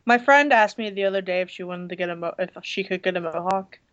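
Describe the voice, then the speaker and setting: A woman co-hosting a casual movie review chat, hoarse from losing her voice, blunt and hesitant with many fillers. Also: on the low side, fast, a bit bright, lo-fi sound. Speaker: podcast co-host reviewing a movie.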